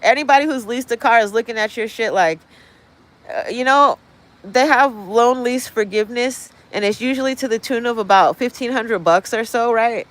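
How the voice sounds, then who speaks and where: A woman's voice: a little high, moderate pace, rough recording. A woman hosting a livestream, talking in a blunt, profane, rambling way from indoors. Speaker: livestream host. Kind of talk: casual livestream rant. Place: indoors, apartment building.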